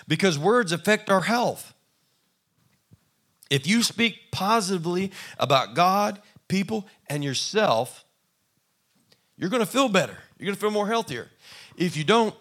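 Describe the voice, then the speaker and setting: Folksy male preacher, higher voice. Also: a bit bright. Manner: conversational preaching, folksy asides, acts out quotes. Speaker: pastor. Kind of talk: sermon.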